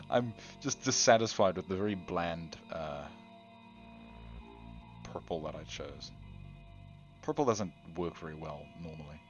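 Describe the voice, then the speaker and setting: A man's voice: low voice, lively intonation, measured pace, pauses often, faint music behind. A man hosting his gaming channel, rambling in casual gameplay commentary, self-deprecating and talking straight to the viewer.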